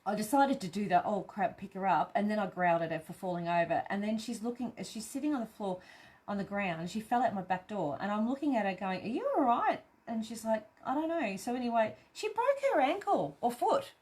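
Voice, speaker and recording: A woman's voice: medium pitch, lively intonation, a little fast, darkish tone, breathy edge. An Australian woman hosting a live craft stream, chatting casually and reading out viewer comments, laughing often and swearing cheerfully.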